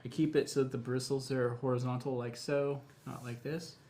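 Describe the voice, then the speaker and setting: Relaxed, chatty male painting instructor. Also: mid-range voice, normal speed. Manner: relaxed, chatty, step-by-step explaining. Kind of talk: live tutorial demonstration.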